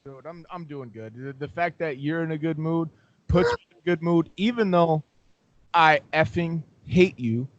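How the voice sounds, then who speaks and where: Man, fairly high voice, mock-angry, swears a lot, muffled dry recording. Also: moderate pace, no echo. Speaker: podcast co-host. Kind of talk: casual chat.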